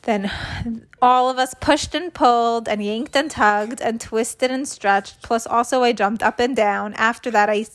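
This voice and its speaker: A woman's voice: on the high side, measured pace. A woman hosting a children's read-aloud show, narrating a storybook in a lightly raised voice. She tells the story at an easy storytelling pace. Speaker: host, reading to children.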